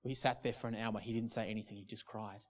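A man's voice: fairly low pitch, fairly even intonation, quick pace. A man, a pastor preaching a sermon through a personal story, restarting and repeating words as he talks.

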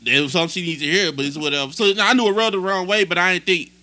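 Fast-talking young man telling stories. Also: sits high. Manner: animated, profane storytelling. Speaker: podcast co-host. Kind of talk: casual storytelling chat.

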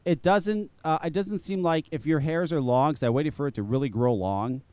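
A man's voice: on the high side, normal speed, a little mellow, clear, resonant tone, no echo. A man hosting a live online show, chatting casually, laughing often and swearing freely. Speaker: podcast host.

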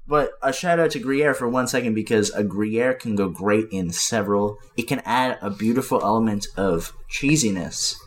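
A man's voice: fairly low pitch, moderate pace, hardly any pauses. A man co-hosting a casual podcast, arguing his points with heavy swearing and emphatic enthusiasm. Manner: profane, emphatic, animated arguing. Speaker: podcast co-host. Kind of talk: casual chat.

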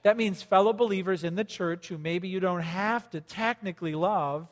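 A man's voice: sits high, moderate pace. A man preaching a sermon in a chatty, joking way, pushing hard for emphasis. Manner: conversational, joking, rising to loud emphasis. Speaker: pastor. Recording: long hall reverb.

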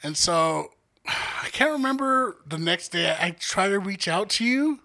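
A young man co-hosting a podcast, his voice high and bright with a gravelly edge. He tells stories with a lively, swooping pitch, in a joking, laid-back way. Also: unhurried. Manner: joking, laid-back storytelling with quoted asides. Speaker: podcast co-host. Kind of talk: casual chat.

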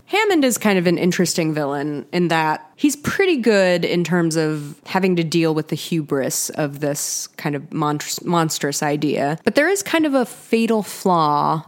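A woman co-hosting a casual film podcast, enthusiastic and quick to laugh, with frequent agreeing murmurs. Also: low voice, very animated. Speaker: podcast co-host.

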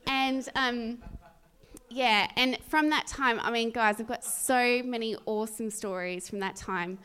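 A woman with a somewhat high voice tells a congregation a personal testimony in a loose, conversational way. She rambles, leans on "um" and "like," and laughs often as she goes. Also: measured pace, clear, resonant tone. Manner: rambling and animated, lots of "um" and "like"; laughs often while telling the story. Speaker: speaker sharing a testimony at church. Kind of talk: chatty storytelling testimony to a congregation.

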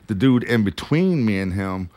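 A man's voice: lowish voice, normal speed, no echo. Profane New man telling stories. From New Orleans. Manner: profane, rambling, animated storyteller. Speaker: guest. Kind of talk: casual storytelling.

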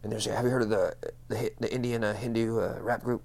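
A man's voice: lowish voice, little pitch movement, quick pace, creaky, a little mellow. A man co-hosting a comedic podcast, rambling through jokes with lots of fillers and restarts. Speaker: podcast co-host.

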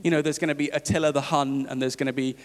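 A man preaching a sermon in a conversational, halting way, with fillers and restarts. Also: on the high side, fairly even intonation. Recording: long hall reverb.

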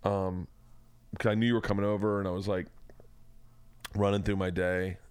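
A man's voice: low voice, level tone, normal speed, darkish tone, clean tone, no room sound. A middle-aged man from Florida, hosting a podcast and telling rambling stories with plenty of swearing. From Tampa, Florida. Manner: rambling storyteller, swears freely. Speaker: podcast host. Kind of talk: casual chat.

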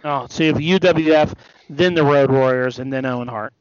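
A man's voice: medium pitch, a little fast, no echo. A man co-hosting a casual wrestling talk show, retelling stories animatedly and swearing freely. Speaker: podcast co-host. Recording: dry, dull lo-fi sound.

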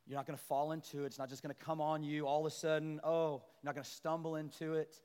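A male pastor preaching a sermon to his church, animated and building to loud, emphatic peaks as he calls out to the congregation. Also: on the high side, fast talker, clean tone. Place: large church sanctuary. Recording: long church hall reverb.

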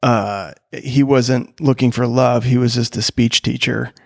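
A man's voice: mid-range voice, steady tone, measured pace, creaky, no echo, studio quality. A middle-aged comedian in casual conversation, rambling and restarting his sentences as he explains. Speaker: character comedian, podcast guest.

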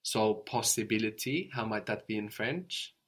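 Patient male language teacher, lowish voice. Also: expressive, measured pace, fairly bright tone. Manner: patient, explanatory, prompts the student with questions. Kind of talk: interactive language lesson.

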